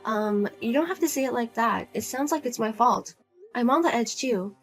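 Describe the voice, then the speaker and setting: A woman playing a fed-up grown daughter who speaks flatly and firmly to her pushy mother in a narrated drama. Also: on the high side, normal speed, faint music behind. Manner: flat, firm, cold and blunt. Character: Lizzie, grown daughter, cool, blunt, fed up.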